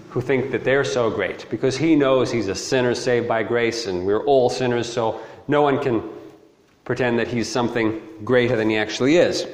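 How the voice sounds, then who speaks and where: A man preaches through a Bible passage in a relaxed, conversational way, stressing his points by repeating them. His voice sits at an average pitch for a man. It rings out in a roomy hall with a long echo trailing behind each phrase. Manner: animated, conversational, repeats key phrases for emphasis. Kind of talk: casual expository sermon. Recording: echoey hall with long reverb.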